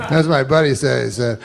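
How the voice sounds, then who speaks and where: A male comedian telling a rambling, profane story in a deadpan way, with many fillers. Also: mid-range voice, vocal fry. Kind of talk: stand-up style storytelling.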